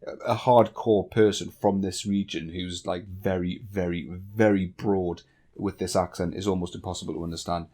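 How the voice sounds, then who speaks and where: A man from northeast England with a softened northeast English accent, answering viewer questions bluntly in a casual vlog. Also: low-pitched, fairly even intonation, moderate pace. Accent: northeast English, toned down. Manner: blunt, candid, chatty with swearing. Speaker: YouTube tech tutorial creator.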